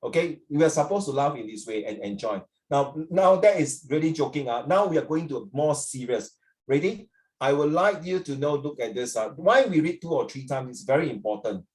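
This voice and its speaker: A man's voice: a little high, expressive, a little fast, darkish tone. A man with a Singaporean English accent teaching an English class over a video call, chatty and joking, slipping into Mandarin at times.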